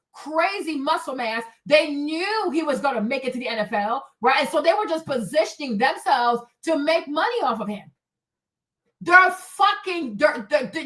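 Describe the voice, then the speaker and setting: A woman with a high voice hosts a livestream commentary. She rants hotly and profanely, driving each point home by repeating it. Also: a bit bright. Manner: profane, heated, emphatic repetition. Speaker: show host.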